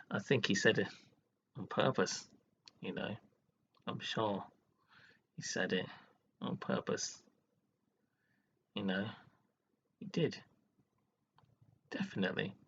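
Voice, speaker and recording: An upset man speaks slowly in a low, gravelly voice with a sharp edge, rambling and close to tears as he talks to his webcam. The audio is dull and lo-fi, with a faint hiss behind him. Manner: upset, rambling, frequent "you know". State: emotional, near tears. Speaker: teacher. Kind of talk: emotional personal vlog. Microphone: webcam mic.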